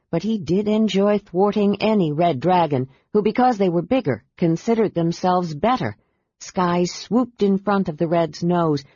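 A woman reading a fantasy novel aloud as audiobook narrator, with a measured, steady delivery. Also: lowish voice, dry recording. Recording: dull dry audiobook recording.

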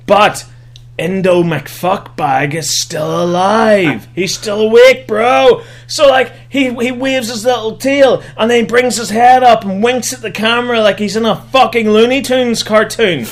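A high-voiced man tears through a movie recap with animated sarcasm. He swears constantly and swings into mock outrage. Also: unhurried. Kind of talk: profane comedic movie recap.

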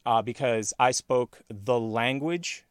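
A man's voice: medium pitch, slow pace, smooth, no room sound. A man in an easygoing conversation, telling an anecdote in a meandering, chatty way. His voice sits in a middle register and sounds close and dry, with hardly any room around it. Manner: rambling, laughs often, acts out quoted voices. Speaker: podcast host. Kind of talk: casual storytelling chat.

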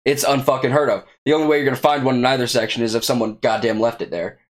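A man's voice: medium pitch, steady tone, fast talker. A young man co-hosting a podcast in casual chat, telling stories in a dry, profane way. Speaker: podcast co-host.

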